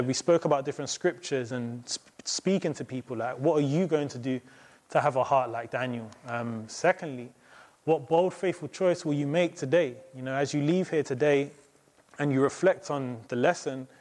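A young man preaching a sermon as a visiting speaker, talking in a loose, conversational way with many fillers. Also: medium pitch.

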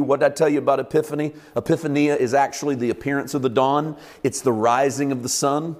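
A man's voice: on the high side, brisk, hardly any pauses, in a large hall. A male pastor preaching a sermon in an emphatic, conversational way.

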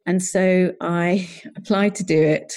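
Earnest, mellow-voiced woman telling her story. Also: lowish voice, steady tone, takes it slowly. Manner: earnest, reflective, often quotes her own thoughts. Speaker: podcast guest, coach. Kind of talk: personal storytelling.

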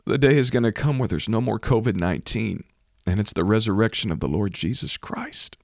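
A man preaching a sermon, fervent and building to loud, urgent exhortation, close to the mic. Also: fairly low pitch, a little fast, gravelly, no room sound.

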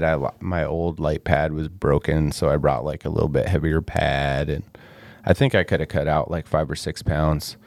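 A man with a very deep voice, chatting in a relaxed, halting way and often restarting his sentences. The recording is dry and close. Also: gravelly, no room sound. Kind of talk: casual chat.

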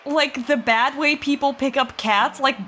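A woman player in a tabletop game, talking slowly and haltingly with lots of fillers. Her voice is very high and bright. There is faint noise in the background. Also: fairly even intonation, soft background music. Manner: hesitant, full of fillers and swearing, laughing.

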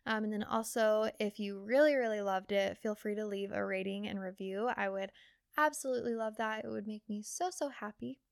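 A woman's voice: mid-range voice, fairly even intonation, fairly quick, vocal fry, no echo, clean studio sound. A young woman hosting her own podcast, talking casually and earnestly with lots of "like" fillers and the odd swear. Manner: chatty, earnest, filler-heavy with frequent "like" and swearing. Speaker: podcast host. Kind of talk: casual solo podcast talk.

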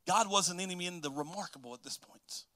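A male pastor preaching a sermon, moving between hushed, soft passages and loud, emphatic lines with repeated rhythmic phrases. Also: sits high.

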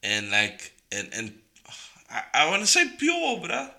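A man's voice: fairly high pitch, wildly swooping pitch, unhurried, creaky, sharp tone. A man co-hosting a podcast in casual chat, full of laughing banter and filler words like "bruh". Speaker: podcast co-host.

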